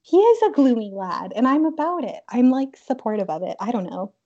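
A woman's voice: a little high, big pitch swings, brisk, dark tone. Giggly young woman chatting. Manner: giggly, lots of "like" fillers. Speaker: podcast co-host. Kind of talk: casual chat. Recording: dull lo-fi sound.

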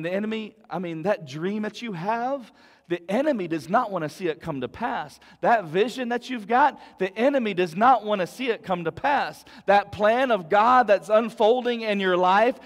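A man's voice: high-pitched, big-room sound. A man preaching a sermon as pastor, earnest and storytelling, repeating words as he builds his point.

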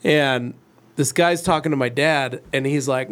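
A man's voice: mid-range voice, moderate pace. A man in his forties, co-hosting a casual livestream chat and telling rambling stories. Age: 40s. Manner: storytelling, rambling. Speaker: co-host.

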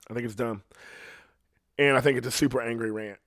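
A man hosting a casual podcast, rambling and swearing freely, swinging between loud outbursts and low muttering into a podcast microphone. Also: fairly even intonation, a little fast, no echo, studio quality. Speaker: podcast host.

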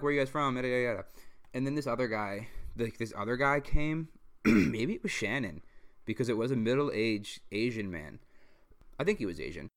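A young man on a podcast tells a story in loose, casual chat. He rambles with a steady stream of fillers and swearing, and often breaks into laughter. His voice sits at an ordinary middle pitch. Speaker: podcast host.

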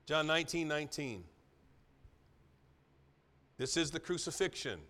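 A middle-aged man with a voice on the high side preaches at a measured pace as pastor. He alternates between soft, near-whispered asides and loud, emphatic repeated lines.

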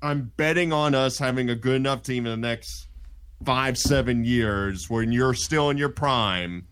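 A man in a casual sports chat, talking from his basement at home and explaining his points calmly. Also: mid-range voice, a little slow, clear, resonant tone.

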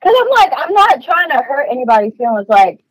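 A woman from New York, a podcast guest, telling stories in casual chat, blunt and animated with lots of "like" fillers. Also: sits high, fairly quick, no room sound, rough recording.

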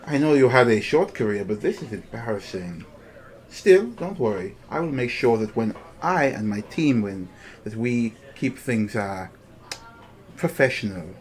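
A man voicing a tall, haughty female cat-person rival who talks down to others with drawn-out, condescending sneers in a tabletop game. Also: mid-range voice, very animated, close to an everyday voice. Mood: sneering.

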